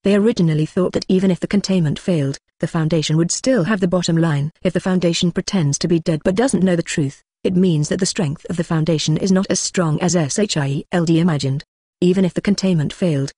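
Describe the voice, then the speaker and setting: A narrator reads a translated web novel aloud at a medium pitch, in a steady, even delivery. Dialogue gets the same plain treatment as the narration. The recording is dry and close, with no room sound. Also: quick pace, breathy edge, dry recording. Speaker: audiobook narrator.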